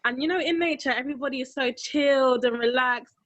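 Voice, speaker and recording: A woman's voice: high voice, fast talker, a bit bright, no room sound. A young woman in her twenties, chatting in a casual, upbeat way and laughing easily on a video call. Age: 20s. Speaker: team member in a meeting.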